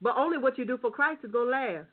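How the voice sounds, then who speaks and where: Fervent woman preacher, high voice, exclaims and repeats, phone-line call-in sound. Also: animated, fast talker. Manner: fervent, exclaiming, Black church call-and-response. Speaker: apostle, co-host. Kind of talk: phone-line sermon dialogue.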